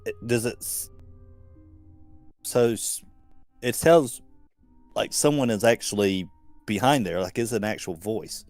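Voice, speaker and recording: A man's voice: fairly low pitch, measured pace, pauses often, darkish tone, no echo, soft background music. A man playing in a tabletop game, asking questions in a hesitant way. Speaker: player.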